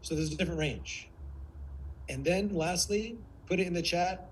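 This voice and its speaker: A man's voice: sits high, normal speed, slight background noise, rough recording. A man teaching a live online workshop as a speaking coach, who shifts between vocal tones to show them and sometimes drops to a near whisper.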